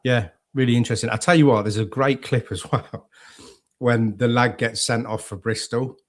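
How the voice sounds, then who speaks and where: A man's voice: mid-range voice, normal speed. A man with an English accent co-hosting a casual football podcast, telling stories and acting out quotes. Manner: chatty, animated storytelling with quoted asides. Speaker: podcast co-host.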